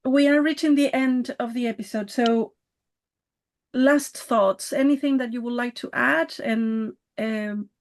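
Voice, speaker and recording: Woman hosting, slightly high voice. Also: measured pace. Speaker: podcast host. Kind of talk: casual interview chat.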